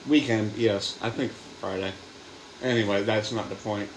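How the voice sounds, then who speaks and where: A man's voice: fairly low pitch, fairly even intonation, measured pace. A young man co-hosting a casual podcast, telling stories in a wry, mildly irritated way. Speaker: podcast co-host. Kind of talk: casual chat. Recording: roomy echo, faint background hum.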